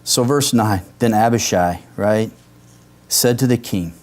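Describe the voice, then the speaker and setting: A man's voice: lowish voice, unhurried, a little mellow. A man, a pastor, preaching an expository sermon with casual conversational asides to the congregation.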